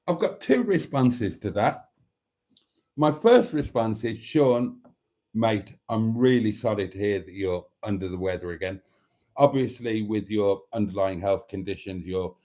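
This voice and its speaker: A man's voice: on the low side, measured pace, mellow, rough recording. A man hosting a live stream, chatting and telling rambling stories with laughs and teasing asides. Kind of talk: casual chat and storytelling.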